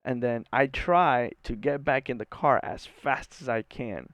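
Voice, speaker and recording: A man's voice: mid-range voice, measured pace, a bit bright, dry recording. A young man, a university student, telling a rambling casual story full of slang and fillers. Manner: rambling, slangy, says bro and like a lot. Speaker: university student and gaming channel host.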